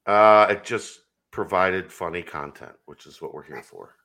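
A man co-hosting a sports podcast, his low voice cutting through with a bright, sharp edge. He talks in a confident, explaining way. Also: unhurried. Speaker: podcast co-host. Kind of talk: casual sports podcast chat.

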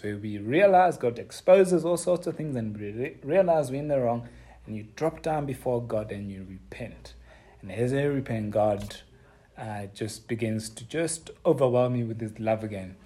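A man preaching a sermon, earnest and halting, with many restarts and fillers. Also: medium pitch, expressive, dark tone.

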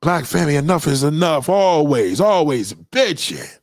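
A man's voice: on the high side, very animated, normal speed, no room sound, clean studio sound. A man in a heated, profane livestream rant, lecturing his audience.

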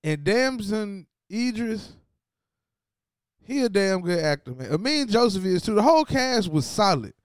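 A show host recaps a TV finale at a relaxed pace, speaking loosely and full of slang straight to his viewers. His high voice is smooth, clear and sing-song. The recording is dry and close, with no room sound.

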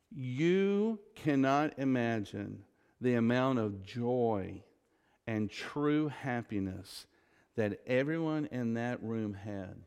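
A man preaching a sermon as pastor, telling stories with emphatic, drawn-out stresses and saying "y'all". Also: mid-range voice, darkish tone, clean tone, in a large hall. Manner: Southern "y'all".

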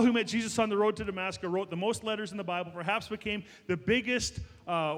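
A man's voice: sits high, a bit bright, in a large hall. A man preaching a sermon as pastor, emphatic and building to raised, passionate delivery.

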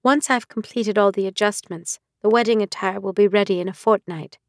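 Shy polite seamstress lady done by a woman reading, soft and careful, dry close audio. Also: medium pitch, steady tone, a little fast, no room sound, natural voice. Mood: deferential. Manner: polite, hesitant and deferential. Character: timid middle-aged seamstress, deferential.

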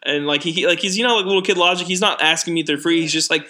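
A young man with a bright, lightly raised voice tells a meandering story, full of "like" and restarts. It's loose, casual podcast talk between friends. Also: on the high side, racing. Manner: rambling storyteller with many fillers and restarts. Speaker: podcast co-host. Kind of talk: casual chat.

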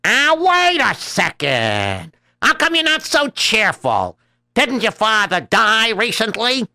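A man's voice: sits high, wildly swooping pitch, slow, bright, forceful tone, no echo, exaggerated voice. A man playing a cackling crooked merchant. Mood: prying. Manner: chuckling, wheedling, laughs often. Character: sly, crooked male merchant who cackles.

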